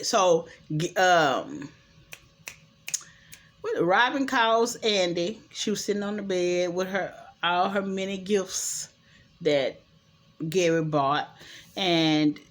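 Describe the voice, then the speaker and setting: A woman's voice: on the low side, slow pace, pauses often. A woman, chattily recapping a TV drama episode and acting out the characters' lines. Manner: chatty, animated retelling with quoted dialogue and opinions. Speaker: show recap host.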